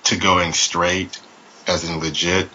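A man's voice: sits low, flat delivery, slow pace, pushed and bright, slightly rough, lo-fi sound. A man co-hosting a casual podcast, reading listener feedback aloud with amused asides.

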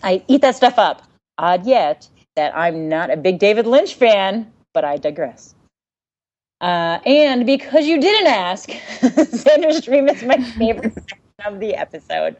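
A woman reads fan mail on a podcast in a slow, wry, giggly way. Her pitch is lively. The audio sounds a bit muffled. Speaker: podcast co-host. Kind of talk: reading a listener email aloud.

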